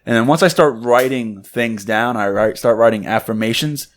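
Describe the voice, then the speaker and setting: A man's voice: mid-range voice, moderate pace. Man, podcast co-host, easygoing and conversational, plenty of likes and ums. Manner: relaxed, conversational, lots of fillers. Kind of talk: casual chat.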